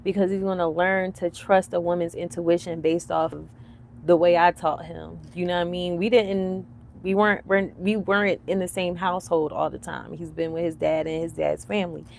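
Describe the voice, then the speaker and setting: A woman in her thirties hosting a live commentary stream, chatty and animated, laughing often, with lots of fillers. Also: fairly low pitch, normal speed, gravelly, slight background noise. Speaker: livestream commentary host. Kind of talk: casual commentary chat.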